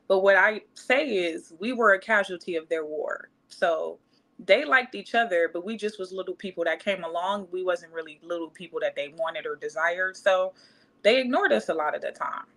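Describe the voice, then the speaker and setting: Young woman from Cleveland, bright tone, casual and animated storyteller. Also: on the low side, low-quality recording. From Cleveland, Ohio. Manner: animated, acts out quotes, laughs often. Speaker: podcast guest.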